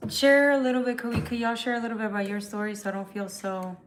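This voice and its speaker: A woman's voice: on the high side, fast, a little hiss or hum. A tired woman who reads tarot, chatting candidly and emotionally with viewers on a livestream, swearing casually. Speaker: tarot reader.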